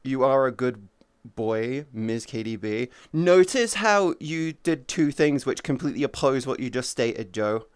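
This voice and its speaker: A woman in her early thirties streaming casual chat with viewers, playful and teasing, jumping from high squeals to low mutters. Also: lively intonation, a little slow, darkish tone, smooth, no echo. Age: 30s.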